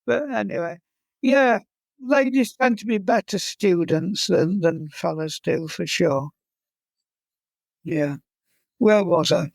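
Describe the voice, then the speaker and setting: A man's voice: high voice, takes it slowly, creaky, long pauses, dry recording. A man who teaches fly casting and guides, chatting in an interview and telling humorous stories. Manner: humorous, anecdotal storyteller. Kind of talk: casual interview chat.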